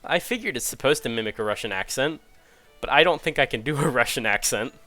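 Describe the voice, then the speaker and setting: A young man streaming a game, making relaxed asides to chat and chuckling at himself. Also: medium pitch, quick pace, soft background music. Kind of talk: casual gaming commentary.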